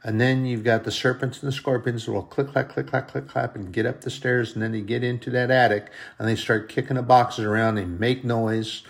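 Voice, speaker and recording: A male pastor delivers a sermon with a gravelly edge to his mid-pitched voice. He talks earnestly and leans on repeated phrases to drive each point home. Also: steady tone, brisk, hardly any pauses. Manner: earnest, repetitive preaching cadence.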